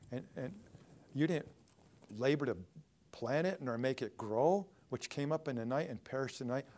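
Animated male preacher. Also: medium pitch. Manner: animated preaching, swings from loud to hushed. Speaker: pastor. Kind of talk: sermon. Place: church.

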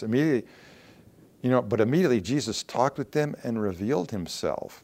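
A man preaching a sermon in an earnest way, slowing down for emphasis and dropping to soft, quiet asides. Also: mid-range voice, expressive. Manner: earnest, varies pace, drops to soft asides.

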